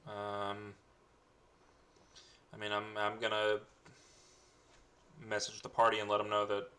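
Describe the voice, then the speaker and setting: A man playing in a tabletop game, speaking casually in brief, relaxed replies. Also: lowish voice, measured pace. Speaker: player.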